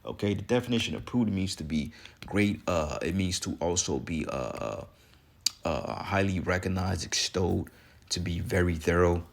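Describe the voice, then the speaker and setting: Ranting and profane, a congested-sounding man delivers informal, fired-up religious commentary broken up by scripture readings. His voice is low-pitched and creaky, moving at a normal pace.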